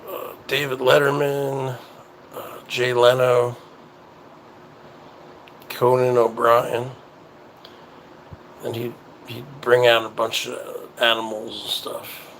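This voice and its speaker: A man hosting his own show, chatting casually in a rambling, halting way that often repeats itself. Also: mid-range voice, level tone, a bit bright, slight background noise, rough recording. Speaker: show host. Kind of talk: casual livestream chat.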